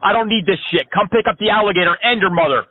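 A man's voice: sits high, fast talker. A man making a prank phone call, ranting in a brash, profane, rambling way over the line. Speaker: prank caller.

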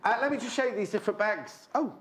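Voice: medium pitch, lively intonation, fast talker, fairly bright tone, slight background noise. Studio presenter, chatty and jokey, loose and rambling. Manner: bubbly, rambling, jokey asides. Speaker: TV shopping presenter.

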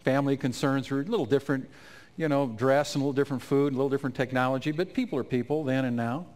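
A man telling an emotional personal testimony in a sermon at a conference, his voice climbing high and loud at the peaks. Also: racing. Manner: emotional storytelling, rising to near-shouts at climaxes. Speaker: conference speaker. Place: conference stage.

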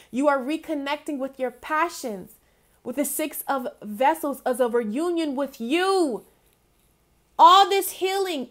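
A young adult woman giving a casual, affectionate tarot reading, talking chattily with lots of fillers. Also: high voice. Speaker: tarot reader. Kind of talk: casual spiritual card reading.

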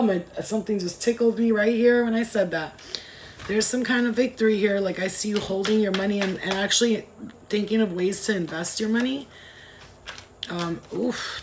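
A woman giving a casual tarot reading to camera, excitable and exclamatory, swearing freely. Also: mid-range voice. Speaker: tarot reader. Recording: noisy recording with clicks.

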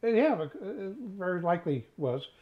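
An older man co-hosting a relaxed chat in a playful, jokey way. His voice is a touch high. The audio sounds dull and lo-fi. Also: normal speed. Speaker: co-host. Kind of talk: casual chat.

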